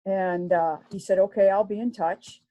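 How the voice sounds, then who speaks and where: A woman's voice: mid-range voice, steady tone, normal speed, mellow, dry recording. A middle-aged woman, a sports official telling stories from her career in a chatty way, with many fillers and restarts. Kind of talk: casual storytelling. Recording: dull lo-fi sound.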